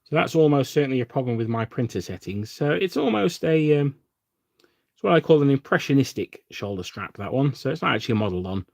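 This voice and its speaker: A man's voice: mid-range voice, very animated, a little fast, vocal fry, darkish tone, no echo, studio quality. Rambling English man on a livestream. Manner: rambling and self-deprecating, with frequent fillers. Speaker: livestream host. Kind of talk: casual live-stream chat while painting miniatures.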